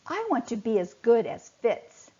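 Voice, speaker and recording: A woman's voice: a little high, sing-song, a little slow, dark tone, slightly rough, heavily acted. A woman voicing an eager young male fish in a children's storybook reading. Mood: earnest. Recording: dull lo-fi recording.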